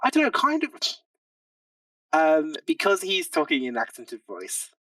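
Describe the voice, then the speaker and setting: A man's voice: a little high, wildly swooping pitch, a little slow, creaky, sharp tone, no room sound. A man chatting as a podcast guest, hesitant and searching for words with many restarts. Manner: hesitant, lots of ums and restarts, laughs easily. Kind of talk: reflective casual chat. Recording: dry sound from a distant mic.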